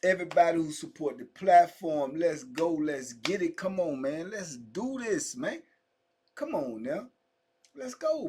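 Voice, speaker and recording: A man's voice: high-pitched, darkish tone, breathy edge. A middle-aged man, host of his own channel, telling prison stories in a casual monologue, emphatic and repetitive with heavy street slang. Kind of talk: casual storytelling monologue to viewers.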